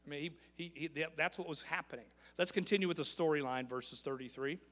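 A man's voice: a little high, fast talker, a bit bright. Man preaching in a reverberant sanctuary. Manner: repeats phrases for emphasis, asks rhetorical questions. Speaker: pastor. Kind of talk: sermon. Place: church sanctuary. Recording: long reverb of a large hall.

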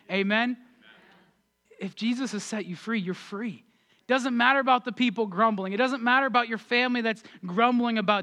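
A male pastor delivers a lively sermon in a strikingly high voice. His tone is bright and forceful, and he swings between loud, excited passages and hushed, quiet asides.

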